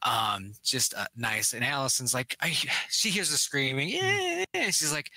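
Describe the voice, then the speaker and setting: A man's voice: mid-range voice, lively intonation, moderate pace, sharp tone, no room sound. A man co-hosting a casual movie review podcast, animatedly retelling scenes, acting out characters' lines and swearing freely. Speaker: podcast co-host.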